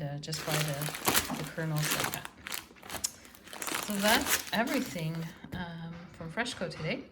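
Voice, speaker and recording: A middle-aged woman hosts a casual grocery haul vlog, chatting in an unhurried way with many ums and uhs. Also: on the low side, heavy background noise. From Canada. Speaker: host.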